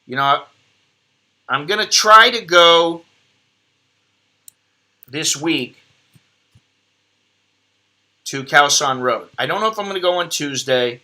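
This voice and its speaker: Rambling and joking at his own expense, this middle-aged American live stream host talks from his computer slowly and expressively, pausing often. His voice is on the high side with a sharp tone.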